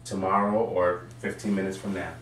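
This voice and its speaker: A man's voice: sits low, flat delivery, moderate pace, fairly bright tone. A man who is a guest on a casual talk show, speaking earnestly and reflectively, turning playful when he teases the host. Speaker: guest, sweet potato pie baker. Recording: echoey room, distant mic, faint crowd and noise.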